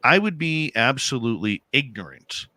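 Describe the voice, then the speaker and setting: A man's voice: medium pitch, very animated, normal speed, bright, forceful tone, dry recording. A man hosting a radio interview, talking in an earnest, slightly hesitant way. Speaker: radio show host. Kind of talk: casual interview talk.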